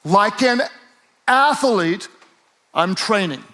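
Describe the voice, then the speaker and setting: A man preaching a sermon to a live audience. He is energetic and playful, acts out quoted voices, and builds up to shouts. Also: sits high, slow. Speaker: pastor.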